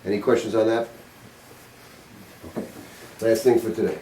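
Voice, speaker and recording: This older man has a fairly low, dark voice with fairly even intonation and a moderate pace, and he runs a saxophone master class in a music studio. He talks bluntly, quizzes students, and swears casually. The distant mic yields a roomy sound with a little hiss or hum.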